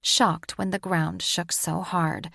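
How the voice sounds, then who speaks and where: A woman narrating a fantasy romance audiobook in an even, measured way. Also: lowish voice, vocal fry, dry recording, clean studio sound. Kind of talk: scripted narration.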